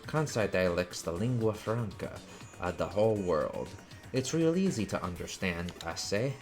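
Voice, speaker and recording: A man voicing a male bug creature from a game with a drawling, gruff country way of talking. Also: sits low, sing-song, moderate pace, faint music behind. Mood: irritated. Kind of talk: reading game dialogue aloud.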